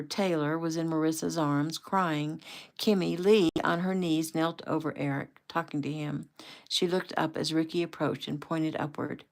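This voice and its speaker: A woman reads her own novel aloud at home, casual and unhurried, as if the listener is sitting in the room with her. Her voice is low and gravelly. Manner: relaxed, conversational. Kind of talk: casual audiobook reading.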